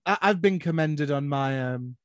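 A man's voice: on the high side, moderate pace. A Scottish man from Glasgow, a playful podcast host chatting and running a game. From Glasgow, Scotland. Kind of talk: casual chat.

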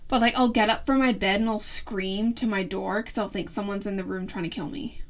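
A young woman co-hosting a podcast, telling stories in a casual, animated way, with lots of fillers and swearing. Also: mid-range voice, fairly quick. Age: young adult. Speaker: podcast co-host. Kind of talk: casual chat.

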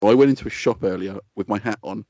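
A man's voice: fairly low pitch, fast, dark tone, dry recording. A man co-hosting a podcast, teasing his friend and laughing often in casual chat. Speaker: podcast co-host. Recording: dry muffled podcast mic.

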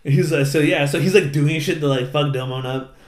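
A man's voice: on the high side, brisk. Profane young man ranting in a roomy echo. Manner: profane, rambling, acts out characters' lines. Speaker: podcast co-host. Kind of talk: casual chat recapping an anime.

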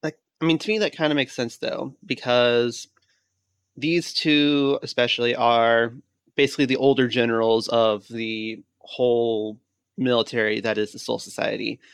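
A podcast co-host with a smooth, clear voice at middle pitch, recorded dry. This co-host talks in a measured way and reasons each point through. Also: steady tone, no echo. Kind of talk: casual chat.

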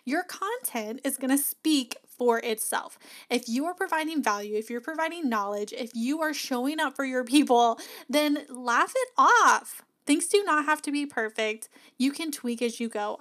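Her voice is a little high with a fairly bright tone. She's an upbeat podcast host and business coach giving chatty, encouraging motivational talk full of laughs, using a podcast mic plugged into an audio box.

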